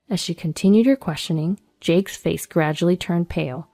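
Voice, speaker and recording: A woman reading a first-person story as a scripted narration, steady and measured. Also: lowish voice.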